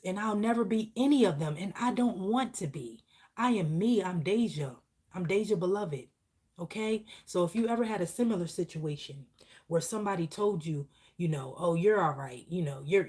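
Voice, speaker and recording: A woman's voice: medium pitch, darkish tone. A woman giving a live channeled spiritual message, earnest and repetitive, close to tears as she speaks. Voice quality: emotional, heartfelt delivery. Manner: earnest, repetitive, preaching with frequent "okay?".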